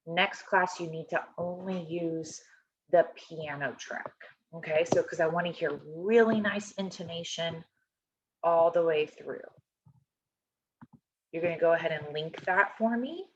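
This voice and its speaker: Speaking at a measured pace in a lowish voice, a woman teaches a choir lesson by video call, with slight background noise audible. She explains the score step by step, encouraging the singers and checking in with "okay?" again and again. It's dull, lo-fi video call audio.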